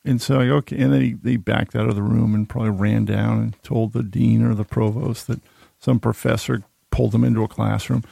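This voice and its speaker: A man with a heavily gravelly, mellow voice chats casually as a host and slips into animated, self-deprecating anecdotes. The sound is dry and close. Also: on the low side, fairly quick, no room sound. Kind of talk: casual storytelling chat.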